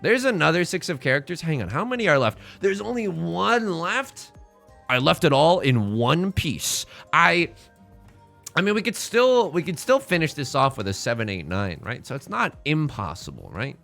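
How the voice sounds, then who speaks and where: A young man chats casually while he plays, his voice slightly high and very bright. His pitch swoops up and down as he rambles through stories and corrects himself on the fly. Faint game music plays underneath. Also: gravelly. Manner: animated, rambling storyteller with quick self-corrections. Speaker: streamer. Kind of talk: casual chat while playing online mahjong.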